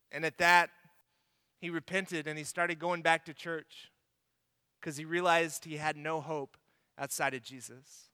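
A man preaching a sermon as pastor, earnest, swelling to emphatic peaks and then falling quiet and soft. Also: on the high side, steady tone, measured pace, smooth, no room sound, studio quality, long reverb tail.

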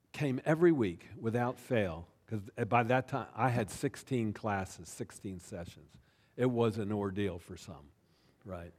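A pastor telling a personal story in a sermon, chatty and self-deprecating, often tossing in "right?" and "you know.". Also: male voice, lowish voice, darkish tone. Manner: conversational, with frequent "right?" and "you know" asides.

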